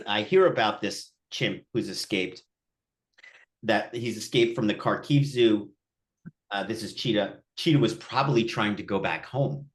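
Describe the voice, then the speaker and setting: A male film director at a post-screening Q&A, telling a story casually, acting out quoted voices, with many restarts. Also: on the low side. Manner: animated, acts out quotes, frequent restarts.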